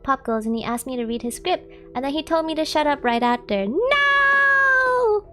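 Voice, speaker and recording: Giggly high-voiced American woman streamer. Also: quick pace, faint music behind. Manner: giggly, chatty, laughs often. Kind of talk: casual live-stream chat.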